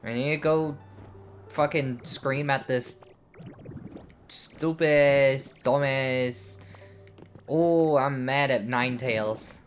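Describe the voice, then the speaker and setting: A woman's voice: very deep voice, takes it slowly, long pauses, soft background music. A woman streaming a video game, chatting casually, swearing freely and reading game dialogue aloud. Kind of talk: casual gameplay commentary.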